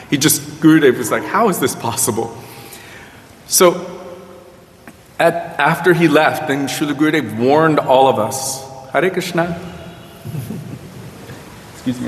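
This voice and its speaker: A man teaching a group at a devotional gathering, telling stories and quoting his guru with emphatic rises. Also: medium pitch. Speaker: spiritual teacher. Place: Vrindavan. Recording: livestream with long hall reverb.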